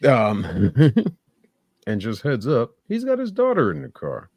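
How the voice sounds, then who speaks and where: A man's voice: mid-range voice, wildly swooping pitch, takes it slowly, creaky, darkish tone, no echo. A man giving blunt, sarcastic live reaction commentary, swearing freely. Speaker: streamer reacting to videos.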